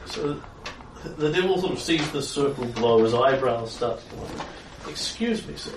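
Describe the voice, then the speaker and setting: A man's voice: mid-range voice, moderate pace, echoey room, far from the mic, background noise. A man running a tabletop game as game master, narrating the scene in a loose, descriptive way.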